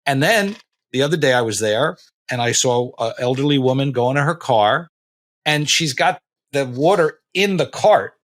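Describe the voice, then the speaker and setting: A man in his late fifties hosting a podcast, telling stories in a rambling, animated way with many restarts and blunt, salty language. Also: mid-range voice, normal speed. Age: late 50s. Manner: blunt, a bit profane. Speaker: podcast host. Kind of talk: casual interview chat.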